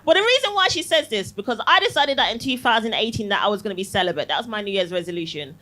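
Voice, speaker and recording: A woman's voice: on the high side, animated, rapid-fire, bright, forceful tone. A young woman doing a chatty, punchy stand-up set on a comedy club stage, tagging jokes with "yeah?" and laughing at her own lines. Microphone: handheld stage mic.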